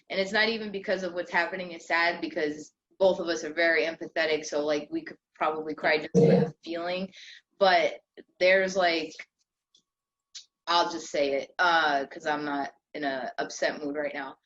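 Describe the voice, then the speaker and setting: Low-voiced woman chatting, lo-fi. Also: steady tone, normal speed, a bit bright. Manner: rambling, frequent fillers and restarts. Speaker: podcast co-host. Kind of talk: casual chat. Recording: slightly dull lo-fi audio with faint noise.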